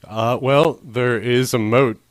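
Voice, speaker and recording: A man running a tabletop game as dungeon master, chatty and quick with asides, often laughing. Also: medium pitch, steady tone, no echo. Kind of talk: narrating a tabletop game on a livestream.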